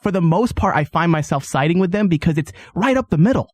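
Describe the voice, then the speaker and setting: A man's voice: sits high, fast talker, no room sound. A man in his thirties hosting a podcast in casual comedic chat, joking and restarting his sentences. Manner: animated, joking, stumbling restarts. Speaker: podcast host.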